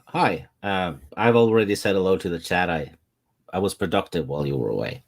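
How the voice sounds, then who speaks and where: A man's voice: low-pitched, a little fast. A man co-hosting a live stream, reading a game announcement and chatting with viewers in a laid-back, dry way. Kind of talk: casual live-stream chat.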